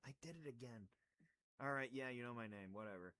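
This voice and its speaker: A man's voice: mid-range voice, brisk, pushed and bright. Rambling, sarcastic young man streaming. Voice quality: crackly voice. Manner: rambling, playfully sarcastic, goofy asides. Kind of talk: casual livestream chatter while crafting.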